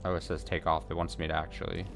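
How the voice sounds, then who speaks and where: A man's voice: extremely low pitch, flat delivery, quick pace, gravelly, music in the background. A man casually commenting while playing a game, thinking aloud with lots of fillers. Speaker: gaming streamer. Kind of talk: casual let's play commentary.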